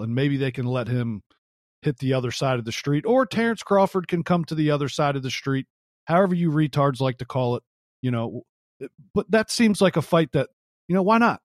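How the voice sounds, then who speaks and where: A man co-hosts a casual boxing podcast, ranting with animated frustration and the odd swear. His voice sits a little higher than most men's. The mic is close and dry. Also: dry recording. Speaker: podcast co-host.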